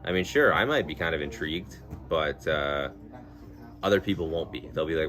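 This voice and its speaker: A man's voice: very deep voice, animated, moderate pace, fairly bright tone, faint music behind. A man live-streaming, chatting casually with viewers in a rambling, laid-back way, swearing freely and laughing through his stories. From Canada. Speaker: livestreamer.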